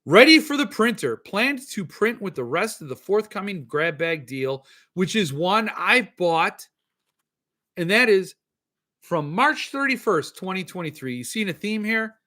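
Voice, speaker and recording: A man's voice: high-pitched, sing-song, measured pace, pushed and bright. A middle-aged man hosting a casual solo podcast, reading out chat comments and ranting in exasperation. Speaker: podcast host.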